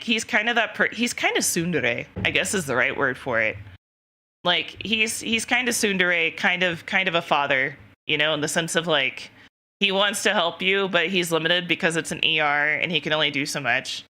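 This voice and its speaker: A woman's voice: on the low side, animated, moderate pace, pushed and bright. A young woman streamer casually telling a rambling story to her chat, laughing often and quoting herself. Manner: giggly, rambling, lots of self-quoting.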